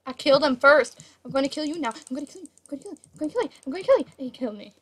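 A woman's voice: high voice, animated, racing, a bit bright. A woman playing Minecraft with a friend, hyper and squealing, chanting the same threats over and over. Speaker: Minecraft player. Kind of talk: excited gameplay chatter.

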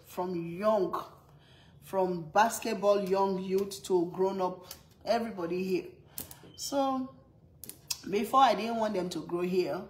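A woman's voice: mid-range voice, slow pace, long pauses, low-quality recording. A mother with a strong accent chatting casually on a live stream, laughing often and greeting viewers by name. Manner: strong non-native accent.

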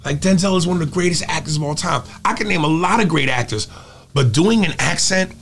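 A man's voice: a little high, brisk. A middle-aged man, a comedian and impressionist, telling stories in a casual interview and slipping into voices. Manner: animated storyteller who drops into voices.

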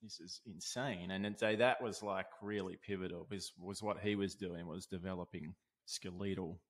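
A man telling stories in a relaxed, casual way as an interview guest. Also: sits low, moderate pace. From Australia. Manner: laid-back, lots of "dude" and "like", laughs while telling. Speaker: guest, osteopath. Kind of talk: casual storytelling.

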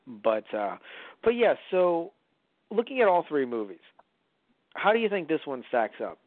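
Podcast co-host, man, animated and swearing, fairly high voice, dry tinny line. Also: normal speed, dry recording. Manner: animated, profane, rambling. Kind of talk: casual movie review chat.

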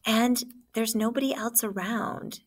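A woman's voice: a little high, unhurried, a little hiss or hum. A woman teacher giving an online classroom lesson and walking students through examples step by step.

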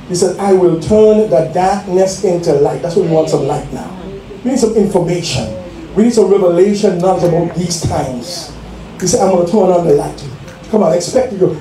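A man's voice: high-pitched, mellow. A man preaching an exuberant Pentecostal sermon as pastor, calling out for the congregation to respond. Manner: exuberant, calls for responses, laughs. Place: church sanctuary. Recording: echoey church room from far off, faint noise.

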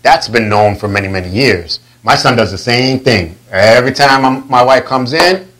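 A man hosting a casual interview show, animated and acting out quotes in a loud voice. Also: medium pitch, moderate pace, rough recording. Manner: animated, acts out quotes loudly. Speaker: talk show host.

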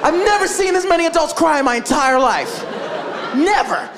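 Animated stand-up comedian, lively pitch. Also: male voice, moderate pace. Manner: animated, lots of "like", laughs through lines. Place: comedy stage before a live audience. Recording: live audience crowd noise. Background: audience laughter.

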